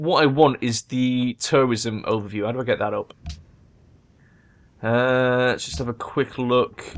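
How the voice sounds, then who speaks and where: A young man talks through a strategy game as he plays, thinking out loud. His voice sits at an ordinary middle pitch, and he turns excitable and loose with his language, swearing freely. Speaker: let's play gamer. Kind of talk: gameplay commentary.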